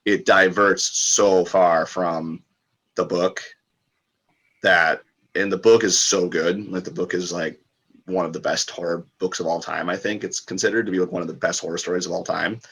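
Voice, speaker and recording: A man with a very low voice that still carries a bright, forward edge. He talks loosely and casually as a podcast guest, circling back with fillers and restarts as he thinks aloud. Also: fairly even intonation, normal speed, husky. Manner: rambling, lots of fillers and restarts.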